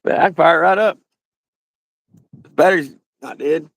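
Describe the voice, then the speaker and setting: A high-voiced man with a gravelly edge and a Southern Kentucky drawl shows viewers around his garage. His talk is loose, rambling and full of swearing and jokes. The sound is dry and close. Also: moderate pace, no room sound. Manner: rambling, profane and joking. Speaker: garage channel host. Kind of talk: casual garage walkthrough.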